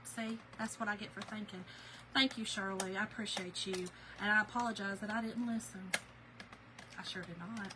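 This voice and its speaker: Speaking at a medium pitch and moderate pace, a woman who hosts a craft channel chats casually with her livestream viewers from home. She's a chatty, animated storyteller who laughs a lot, and there's noise in the background.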